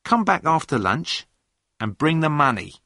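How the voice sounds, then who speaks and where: A greedy, shifty informer makes demands with a threat underneath, as a male storyteller voices him. His pitch moves a lot from phrase to phrase. The recording is dry and close. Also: big pitch swings, measured pace, sharp tone, dry recording, heavily acted. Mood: demanding.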